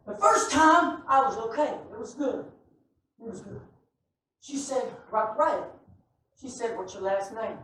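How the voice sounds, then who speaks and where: A man preaching a sermon, telling stories with laughter and bursting into shouts. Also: very high voice, slight background noise. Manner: animated, often shouting, laughing storyteller. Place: church sanctuary. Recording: echoey church from far off.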